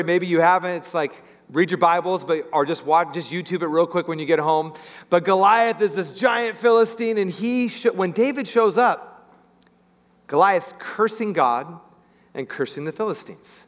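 A man preaching a sermon as pastor, telling a Bible story with lively acted-out voices. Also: sits high, in a large hall. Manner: animated storytelling, acting out biblical characters.

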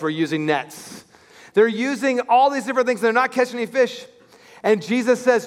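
In a large hall, a high-pitched male pastor preaches an Easter sermon, telling the story with lively acted-out voices and swinging between hushed and loud.

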